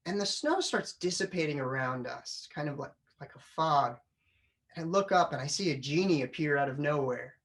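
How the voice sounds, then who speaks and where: Middle-aged man, funny storytelling speaker, lively and animated. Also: on the high side, moderate pace. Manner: animated storyteller, acts out family voices. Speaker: public speaker. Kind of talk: humorous storytelling speech. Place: club meeting room.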